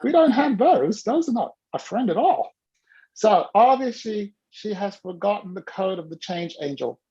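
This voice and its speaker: A woman hosting a casual video-call workshop, talking in a playful, teasing, animated way. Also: medium pitch, normal speed, breathy edge, highs cut off. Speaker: host and coach.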